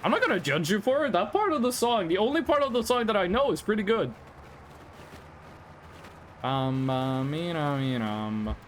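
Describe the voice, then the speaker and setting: A man's voice: high-pitched, very animated, moderate pace, long pauses, fairly bright tone, a little hiss or hum. A young man from Norway, a native Norwegian speaker, chatting casually and rambling to his live-stream viewers while he plays. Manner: rambling, chatty, talks straight to chat.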